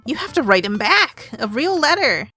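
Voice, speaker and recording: A woman voicing an excited, bossy teenage daughter in a game let's play. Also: high voice, moderate pace, faint music behind, pitched above the performer's own voice, heavily acted. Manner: bright, pushy, enthusiastic.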